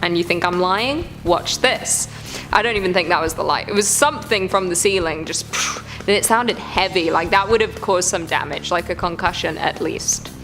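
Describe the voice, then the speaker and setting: A woman talking casually as she reacts to scary videos, chatty and quick to swear and joke. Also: lowish voice, a bit bright, faint music behind.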